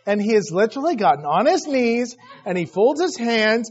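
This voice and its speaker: High-voiced animated male preacher. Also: moderate pace, few pauses, husky. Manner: animated storytelling, acts out voices. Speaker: pastor. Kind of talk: sermon. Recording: dull lo-fi recording.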